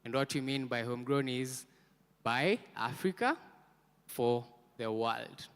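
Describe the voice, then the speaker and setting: A man's voice: medium pitch, a little slow, fairly bright tone, smooth. A man presenting a product at a conference, drawing the audience into call-and-response. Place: conference hall. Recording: reverberant conference hall.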